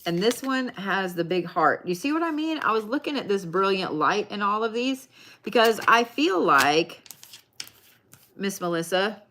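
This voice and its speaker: A woman's voice: mid-range voice, big pitch swings, unhurried, fairly bright tone, a little hiss or hum. A woman giving live card readings, talking casually and addressing viewers by name. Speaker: tarot card reader.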